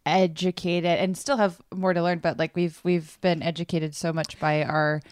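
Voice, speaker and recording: A woman's voice: lowish voice, little pitch movement, normal speed, darkish tone, clear, resonant tone, no echo, clean studio sound. A woman co-hosting a casual podcast, joking and laughing mid-sentence. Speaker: podcast co-host. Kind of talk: casual chat.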